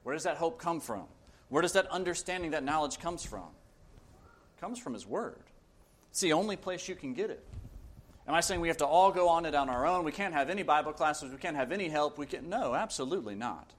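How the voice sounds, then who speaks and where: A man's voice: a little high, lively intonation, brisk. A man preaching a sermon, reading scripture aloud and pressing his points with earnest, emphatic repetition.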